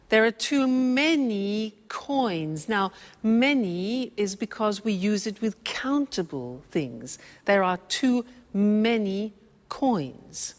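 A woman teaching English in a slow, deliberate way, spelling words out and playing both sides of small example exchanges. Her pitch swings widely as she stresses each point. Her voice carries a long reverb from the room. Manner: deliberate, spelling out words and acting out little dialogues. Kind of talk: slow classroom explanation.

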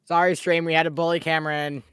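A man's voice: a little high, little pitch movement, fast talker, fairly bright tone, smooth, no room sound. A man chatting playfully and teasingly while playing a game with friends, laughing often. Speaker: gaming friend. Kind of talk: casual gaming chat.

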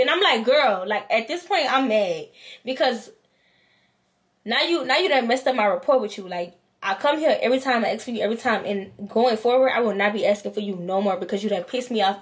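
A woman vlogger, animatedly telling a storytime and acting out both sides. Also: fairly high pitch. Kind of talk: storytime vlog.

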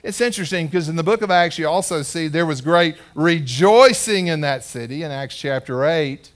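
A man's voice: a little high, animated, moderate pace. A man preaching a sermon as pastor in a church, telling a story in a conversational way and putting questions to the congregation. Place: church sanctuary.

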